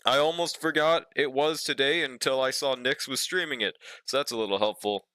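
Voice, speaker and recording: A young man chats with his live-stream viewers in a loose, joking way, swearing now and then. His voice is bright and crisp. The desk mic gives a dry, close sound. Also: mid-range voice, a little fast, no echo. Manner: laid-back, joking, talks to chat, swears casually. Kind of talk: casual live-stream chat.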